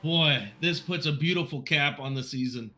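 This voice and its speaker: A man calling a sim racing broadcast, excitable and quick to shout at big moments. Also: on the high side. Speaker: race commentator. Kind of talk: sim racing play-by-play commentary.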